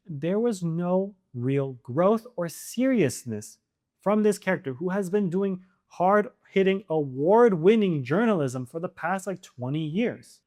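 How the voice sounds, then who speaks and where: A man hosting his own channel, giving casual opinion commentary to camera, animated and firing off exasperated rhetorical questions. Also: sits high. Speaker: video essay host.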